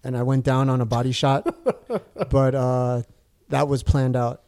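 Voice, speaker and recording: A man's voice: medium pitch, little pitch movement, unhurried, darkish tone, clear, resonant tone. A man in his thirties casually telling a long story, rambling with lots of fillers and restarts. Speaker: guest.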